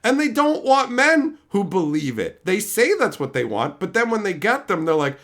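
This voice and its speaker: A man's voice: sits high, sing-song, normal speed, hardly any pauses, a bit bright. A young man streaming live, ranting to his chat in a profane, scornful way, often mocking others in put-on voices.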